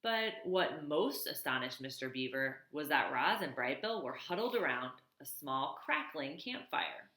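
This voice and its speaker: A woman's voice: deep voice, sing-song, unhurried, few pauses, pushed and bright, echoey room, rough recording. A woman reading a children's novel aloud, in a plain read-aloud manner with small slips and self-corrections. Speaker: reader.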